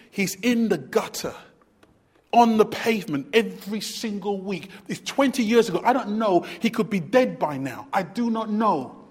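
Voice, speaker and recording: A high-pitched man preaching in a church hall with a long, ringing reverb. He swings between quiet, low passages and loud, pleading ones, and repeats words as he builds his point. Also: slightly rough. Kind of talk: sermon.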